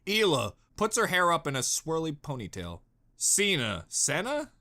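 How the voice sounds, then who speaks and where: A man hosting a reaction video, chatting casually and goofily, jumping between low mutters and excited yells. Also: normal speed. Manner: goofy, exclamatory, jumps between mutters and yells.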